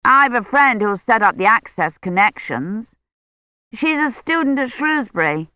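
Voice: mid-range voice, expressive, a little slow, no room sound, pitched above the performer's own voice, natural voice. A reader voicing a cautious, reluctant young male technician who keeps apologizing. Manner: hesitant, apologetic. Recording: dull lo-fi sound.

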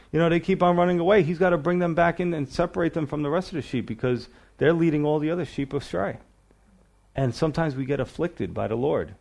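Conversational preaching man, fairly high voice. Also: a little mellow. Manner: conversational preaching with rhetorical questions. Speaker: pastor. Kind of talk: sermon, verse-by-verse Bible teaching.

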